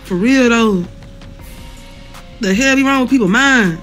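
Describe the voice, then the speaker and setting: A woman with a fairly high, slightly bright voice speaks at a measured pace over soft background music. She is streaming live from a hospital room, in pain and close to tears, talking bluntly with lots of cursing and laughing through it as she reads viewer comments in casual chat.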